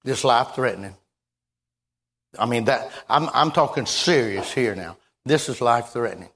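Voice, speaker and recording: A preacher delivers a folksy sermon in a mid-range male voice. He stumbles and repeats himself, then rises into sudden loud, emphatic bursts. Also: mid-range voice, moderate pace, slight background noise.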